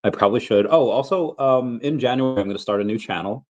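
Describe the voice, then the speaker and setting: A flu-stricken man in his 30s runs a casual crypto livestream Q&A at a quick pace, his mid-range voice darkish in tone and the audio poor. He coughs now and then and rambles with many restarts.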